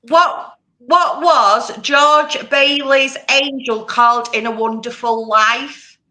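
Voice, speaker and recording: A woman chats casually at a very slow, unhurried pace. Her voice is bright and fairly high, and she sounds warm. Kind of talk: casual chat.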